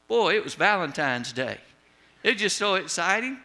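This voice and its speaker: Older pastor, wry folksy storyteller, higher voice, sharp and bright. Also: male voice, very animated, moderate pace.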